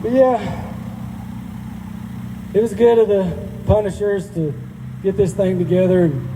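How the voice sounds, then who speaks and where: On stage at a live benefit, a man in his forties with a rural Georgia drawl delivers crude stand-up that pokes fun at himself. His voice is high, and the echoey hall recording has a noisy background.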